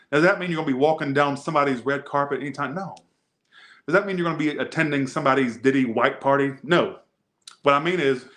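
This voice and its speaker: A man's voice: medium pitch, a bit bright. A man hosting a tarot reading video, chatting casually with rambling, joking asides. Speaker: tarot reader.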